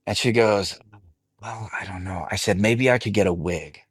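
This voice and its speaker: A man with a fairly low voice tells a lively story from his working life, slipping into the voices of the people in it. The sound is dry and close, with no room around it. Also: normal speed, breathy edge, no room sound. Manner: animated anecdote telling, voices others in quotes. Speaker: actor guest. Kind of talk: casual interview storytelling.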